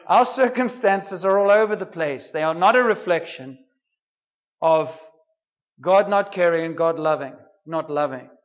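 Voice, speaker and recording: High-voiced man preaching casually. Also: unhurried, dull audio. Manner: conversational, humorous, playful asides. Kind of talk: sermon.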